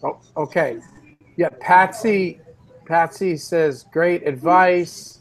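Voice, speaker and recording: A man's voice: on the high side, takes it slowly, rough recording. A man hosting a podcast, loosely reading out listener comments. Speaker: podcast host.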